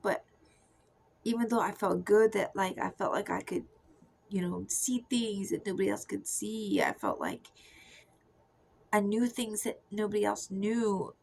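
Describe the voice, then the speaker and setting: A young woman giving a soft, confessional personal testimony that often drifts into a whisper. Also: mid-range voice, animated, a little slow, creaky, long pauses, a little hiss or hum, rough recording. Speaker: Christian testimony speaker.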